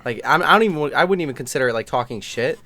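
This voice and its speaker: A man's voice: mid-range voice, animated, very fast, bright, forceful tone. A young man co-hosting a casual podcast chat, rambling and swearing with lots of fillers. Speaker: podcast co-host.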